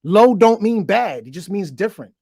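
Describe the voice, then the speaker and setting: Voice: medium pitch, expressive, moderate pace, mellow, breathy edge, no room sound, studio quality. Stuttering, profane ranting host. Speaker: online show host. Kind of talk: ranting monologue to viewers. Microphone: desk microphone, bumped while talking.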